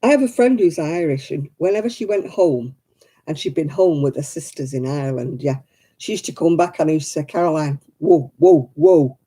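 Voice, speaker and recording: A woman's voice: low-pitched, expressive, fairly quick, mellow, slightly rough. A woman hosting a casual livestream chat, talking to viewers by name and laughing often. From England. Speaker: livestream host.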